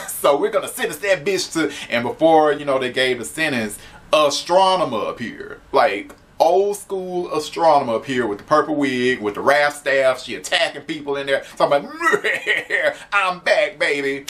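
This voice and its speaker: A man's voice: fairly high pitch, big pitch swings, moderate pace, fairly bright tone. A man giving a casual spoken comic book review, chatty, laughing often and swearing freely.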